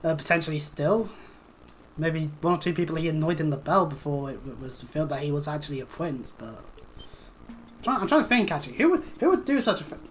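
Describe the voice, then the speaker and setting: A woman's voice: low voice, expressive, fairly quick, faint music behind. Chatty woman streamer joking over a game. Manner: joking, chatty, swears freely. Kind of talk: casual game stream commentary.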